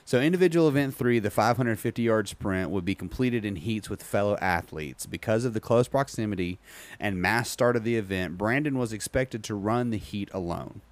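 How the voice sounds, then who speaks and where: A man hosting a casual podcast, rambling with many ums and reading an article aloud haltingly. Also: on the low side, no echo. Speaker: podcast host.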